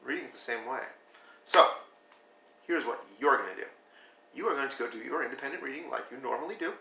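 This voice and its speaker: Brief: male teacher, bright gravelly tone, lively demos, roomy distant sound with faint hiss. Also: medium pitch, a little fast. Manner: animated, demonstrates flat versus expressive reading. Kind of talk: classroom video lesson.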